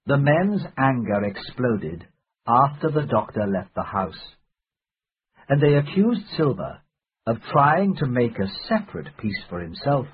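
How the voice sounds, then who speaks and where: A man narrating a storybook in the first person, with a measured, expressive delivery. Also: on the low side, breathy edge. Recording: tinny phone-like lo-fi recording.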